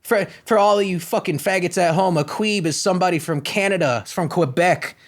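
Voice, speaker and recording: A man's voice: high-pitched, a little fast. A man from Florida hosting a podcast, ranting in a profane, sarcastic, rambling comedic style. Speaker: podcast host. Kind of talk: comedic rant.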